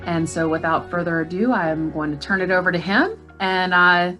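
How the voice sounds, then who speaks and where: A woman's voice: fairly low pitch, normal speed. A woman hosting an online talk, introducing the speaker in a friendly, upbeat way. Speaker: host, development director. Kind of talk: event introduction. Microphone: video call. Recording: music playing behind.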